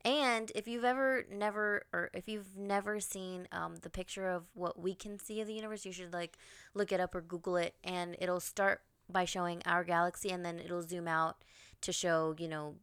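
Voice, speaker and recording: A woman's voice: on the low side, fairly even intonation, moderate pace, a bit bright, smooth, no room sound. A woman co-hosting a podcast, wondering aloud and stringing question after question in casual chat.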